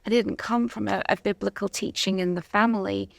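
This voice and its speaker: A middle-aged woman from Zimbabwe, a guest telling her story in a rambling way with many pauses and laughs. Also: mid-range voice, steady tone, creaky, no room sound. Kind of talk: casual interview chat.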